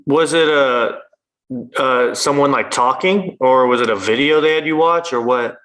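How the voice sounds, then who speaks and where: A man co-hosting a podcast, teasing and asking quick questions in casual chat. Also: mid-range voice, fairly bright tone, low-quality recording. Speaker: podcast co-host.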